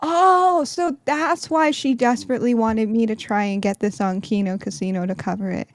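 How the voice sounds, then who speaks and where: A woman's voice: fairly high pitch, steady tone, brisk, darkish tone, dry recording. A woman appearing as a guest on a casual livestream, blunt and mocking, swearing freely.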